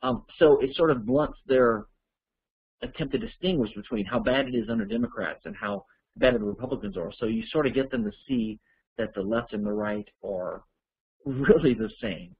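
A man's voice: medium pitch, sing-song, moderate pace, gravelly, breathy edge, phone-quality sound. A man teaching an online course, answering listener questions in a rambling, conversational way as he thinks aloud.

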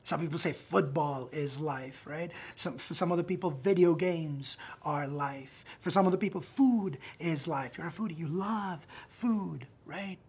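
A man preaching a sermon as pastor, animated and conversational, acting out the quotes he tells and often checking in with "right?". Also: a little high, measured pace, hardly any pauses, husky. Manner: animated, acts out quotes, frequent "right?" tags.

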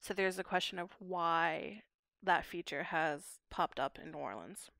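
A young adult woman, a guest linguist, explaining dialect features in measured, academic podcast talk. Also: lowish voice, gravelly, sharp tone, no room sound.

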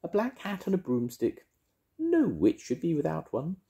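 An older man voicing a fussy, cooing fairy woman in a high falsetto for a storybook reading. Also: wildly swooping pitch, moderate pace, gravelly, warm tone, heavily acted. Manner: cooing, sing-song.

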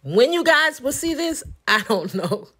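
A woman's voice: high-pitched, sing-song, unhurried, a bit bright. A woman with a Southern US accent, chatting casually as she walks viewers through a room she plans to redecorate, thinking aloud with frequent ums. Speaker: home decor vlogger. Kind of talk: casual walkthrough chat.

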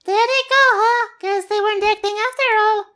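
A woman's voice: fairly even intonation, moderate pace, a bit bright. A woman voicing a tiny, chirpy fairy companion girl who talks about herself by name, in a game. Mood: puzzled. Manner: chatty, squeaky, refers to herself by name.

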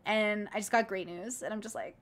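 A woman livestreaming casually, reacting to clips and chatting with viewers in an excitable, profane, rambling way. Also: medium pitch, brisk. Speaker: streamer reacting to video clips.

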